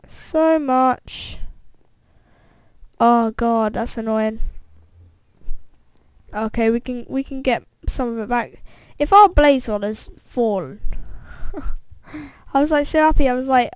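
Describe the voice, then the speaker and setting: A woman hosting a let's-play video, excitedly reacting aloud to the game and talking straight to her viewers. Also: on the high side, slow, pauses often, clear, resonant tone, no room sound. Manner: talks straight to viewers as guys. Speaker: gameplay video host. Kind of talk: let's-play gameplay commentary.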